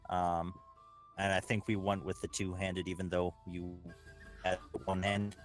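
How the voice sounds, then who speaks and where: A man's voice: sits low, flat delivery, faint music behind. A man chatting hesitantly about game rules over a voice call. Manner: unhurried, hesitant, many fillers. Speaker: player. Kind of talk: casual chat about a tabletop game.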